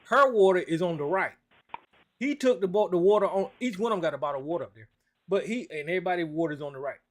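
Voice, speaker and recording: Man, high voice, call-in host, blunt, profane, stammering. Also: fast talker. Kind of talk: casual call-in talk.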